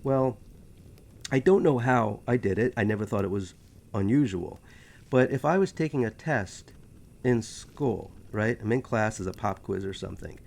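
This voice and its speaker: A man with a New York accent talks straight to his viewers in a loose, rambling monologue. His voice has a gravelly grain, and he keeps tossing in joking asides as he goes. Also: on the low side, animated, moderate pace, darkish tone. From New York City. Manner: chatty, joking, self-aware asides. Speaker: history channel host.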